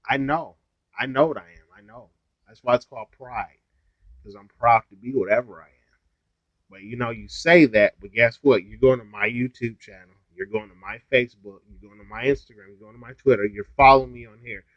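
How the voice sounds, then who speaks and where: A man's voice: medium pitch, a little fast, no echo. A young adult man telling a story on his vlog in a blunt, heavily profane, ranting way. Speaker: YouTuber. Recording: dull lo-fi sound, dry.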